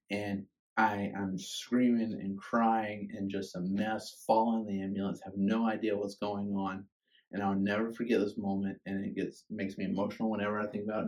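A man's voice: fairly low pitch, darkish tone. A man in his thirties preaching a personal, emotional sermon in a conversational way, often checking in with "okay?". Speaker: pastor. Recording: voice from far off the mic.

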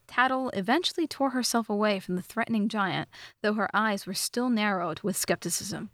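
A woman narrating a fantasy novelization as an audiobook, reading in a steady, measured way. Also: medium pitch, dry recording, clean studio sound. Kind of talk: scripted narration.

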